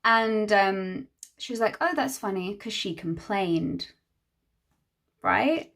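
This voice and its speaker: A woman's voice: mid-range voice, animated, slow pace, creaky, a bit bright. A young woman, a hairstylist, telling a chatty, exasperated storytime while doing her makeup, acting out the other people's lines. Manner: chatty, exasperated, acts out quoted dialogue.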